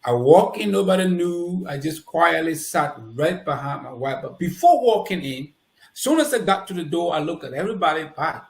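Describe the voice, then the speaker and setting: A man's voice: on the high side, moderate pace, creaky. Man with a Liberian accent telling a personal story. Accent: Liberian English. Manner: animated, acts out quoted dialogue. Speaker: guest telling his life story. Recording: roomy echoey room.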